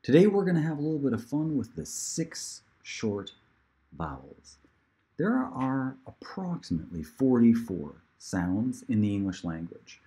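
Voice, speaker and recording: A man giving a casual online pronunciation lesson, playful and joking, drilling words slowly for the listener to repeat. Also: mid-range voice, big pitch swings, warm tone. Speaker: pronunciation teacher. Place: outdoors in hot sun.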